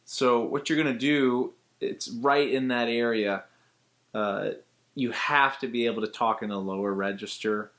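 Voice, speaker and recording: A male voice actor talks through a vocal technique in a casual tutorial, at a middling pitch. He explains things step by step in a relaxed, chatty manner, like a teacher walking students through an exercise. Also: moderate pace.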